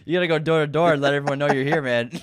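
A man's voice: on the high side, steady tone, quick pace, clean tone, no echo, studio quality. A man co-hosting a podcast in casual chat, teasing his partner and running a quiz. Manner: teasing, quizzing. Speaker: podcast co-host.

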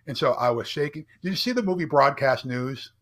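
A middle-aged man, an entrepreneur and speaker appearing as a podcast guest, tells a personal story in an earnest, emphatic way. His medium-pitched voice is expressive and a bit bright, runs a little fast, and he often checks in with "right?"

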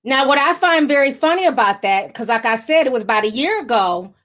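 High, lively-voiced woman streamer. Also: fairly quick. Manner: chatty and reactive. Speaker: commentary streamer. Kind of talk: casual commentary chat.

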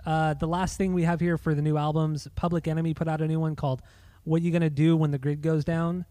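A man's voice: fairly high pitch, little pitch movement, fast, mellow, no echo. A man hosting a podcast in casual chat, loose and chatty, swearing freely and restarting his sentences. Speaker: podcast host.

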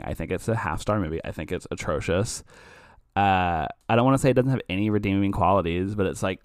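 A man's voice: fairly low pitch, no echo, studio quality. A man giving a casual, rambling film review for a podcast. He curses often and keeps cutting himself off mid-sentence. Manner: rambling, profane, self-interrupting.

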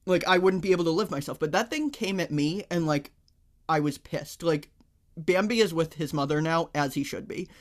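A man's voice: on the high side, moderate pace. A young adult man co-hosting a podcast, telling things in a blunt, wry, matter-of-fact way in casual chat. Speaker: podcast co-host.

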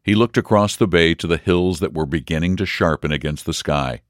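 A man reading a story aloud in a measured, expressive narration. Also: low-pitched, no room sound, clean studio sound. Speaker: audiobook reader. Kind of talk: scripted narration.

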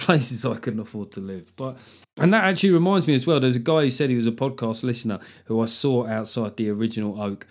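Sweary comedian hosting a podcast. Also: male voice, medium pitch. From London. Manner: sweary, joking, lively storytelling. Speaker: podcast host and stand-up comedian. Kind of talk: solo podcast monologue.

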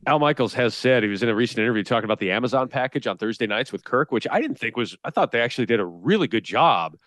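A man's voice: mid-range voice, animated, fast, fairly bright tone, no room sound, studio quality. A man co-hosting a sports talk podcast, joking and teasing his co-host and reading out listener poll results.

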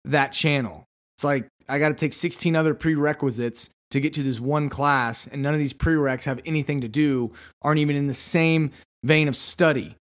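A man hosting a podcast, telling a story in a casual monologue with sarcastic, exasperated humor. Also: medium pitch. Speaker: podcast host.

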